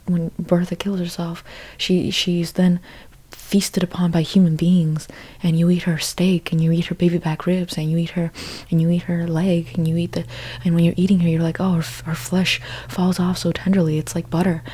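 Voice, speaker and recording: A young woman rambles in whispered role-play, her hushed voice airy and husky, its tone soft and mellow. She restarts her sentences again and again, drifting between breathy whispers and quiet half-voiced words, sitting a little low in pitch. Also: little pitch movement, normal speed. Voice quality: mostly whispered. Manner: rambling absurd monologue with many restarts. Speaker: ASMR creator.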